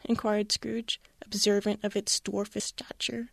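A woman narrates a classic tale aloud with dramatic expression. Her voice sits a bit high with a gravelly texture. The recording is close and dry. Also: little pitch movement, moderate pace, no room sound. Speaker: storyteller. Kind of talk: storybook reading aloud.

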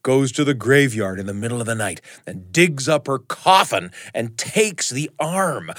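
A man hosting a podcast, telling a personal story in an expressive, playful way. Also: medium pitch, unhurried, few pauses, no room sound, studio quality.

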